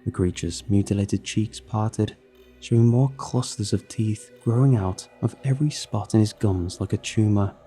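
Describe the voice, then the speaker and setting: Deep-voiced man narrating horror. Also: moderate pace, warm tone, faint music behind.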